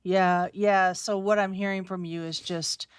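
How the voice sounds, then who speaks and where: A woman host speaks gently and thoughtfully, reflecting her guest's feelings back to her. Her voice is fairly low, recorded dry and close. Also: steady tone, a little slow, smooth, no echo. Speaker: podcast host. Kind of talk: empathetic interview questions.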